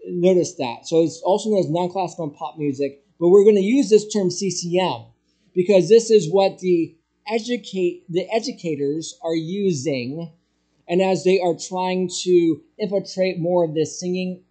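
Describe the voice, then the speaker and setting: A pastor lecturing a church group on music, his voice high in pitch yet mellow and dark in tone. He explains patiently, restarting phrases and stressing syllables as he goes. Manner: explanatory, with restarts and spoken emphasis. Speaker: pastor teaching a class.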